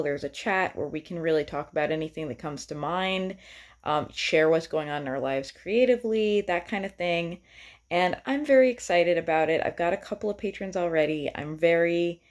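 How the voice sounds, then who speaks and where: A woman's voice: lowish voice, a little mellow. A woman singer-songwriter talking casually and enthusiastically to her viewers, with lots of fillers. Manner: chatty and enthusiastic, with many fillers.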